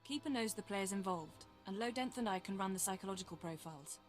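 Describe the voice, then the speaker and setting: A woman voicing a calm, businesslike female intelligence officer in video game dialogue. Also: medium pitch, fast talker, soft background music, natural voice. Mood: earnest.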